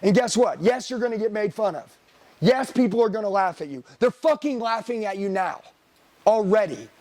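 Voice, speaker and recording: A man's voice: sits high, expressive, moderate pace, a little mellow, no echo. A middle-aged man giving a blunt, profane motivational sales talk, firing questions at his trainees. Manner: blunt, swearing, hammering questions at the room.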